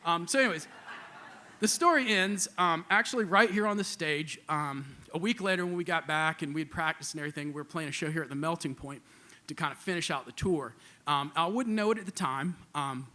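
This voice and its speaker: A man telling a personal story live on a club stage into a stage mic, casual and animated, acting out quoted voices between fillers. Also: a little high, brisk.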